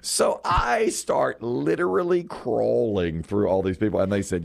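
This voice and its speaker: A man hosting a talk show, telling funny stories in a casual, animated way. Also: measured pace, creaky. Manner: animated storyteller, lively pitch swings. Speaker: radio show host. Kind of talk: casual chat with co-hosts.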